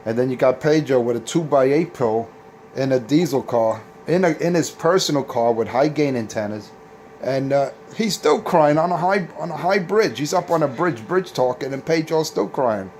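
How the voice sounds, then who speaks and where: A man's voice: medium pitch, normal speed, darkish tone, a little hiss or hum. A man hosting a casual CB radio video, boasting and taunting rival operators with trash talk. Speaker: CB radio operator and channel host.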